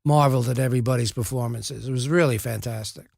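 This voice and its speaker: Gravelly older man telling stories. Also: medium pitch, fast talker, darkish tone, no room sound, studio quality. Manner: rambling storyteller, fond and amused. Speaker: actor, podcast guest. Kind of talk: conversational anecdotes.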